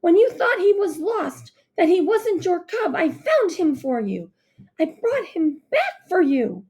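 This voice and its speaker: A woman voicing a determined young boy who shouts urgently. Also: extremely high pitch, sing-song, unhurried, pitched above the performer's own voice, full character voice. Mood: pleading. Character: determined boy hero, pleading.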